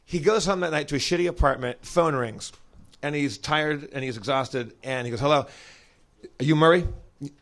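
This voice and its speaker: A man telling a long, animated anecdote on a podcast stage, acting out the voices in it. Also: fairly high pitch, moderate pace. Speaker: podcast guest comedian telling a story. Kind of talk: casual storytelling.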